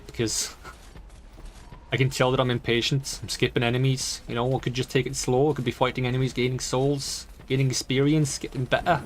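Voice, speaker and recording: Male game streamer, mid-pitched, put-on made-up accent, impatient grumbling asides, hissy recording. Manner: mutters at enemies, grumbling and impatient. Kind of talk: live gameplay commentary.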